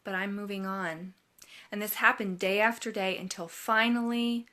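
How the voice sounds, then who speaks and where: A woman advisor giving an inspirational storytelling talk, deliberate and repeating words for emphasis. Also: medium pitch, pushed and bright. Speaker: college advisor.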